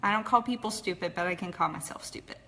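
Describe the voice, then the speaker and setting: A woman's voice: fairly low pitch, quick pace, pushed and bright. A woman from Texas with a Texas accent, telling her personal story in a candid, chatty way with frequent fillers. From Texas, USA. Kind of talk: casual personal story talk.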